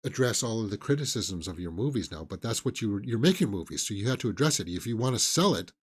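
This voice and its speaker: Lowish, lively in intonation and fast with a breathy edge, this man hosts a laid-back movie news stream. He's rambling and opinionated, leaning on fillers and restarts, and does sarcastic, mocking celebrity impressions.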